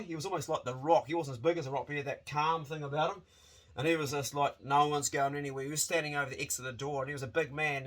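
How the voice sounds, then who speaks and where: A man telling a wild travel story in a casual, animated way, swearing freely and often restarting his sentences. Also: a little high.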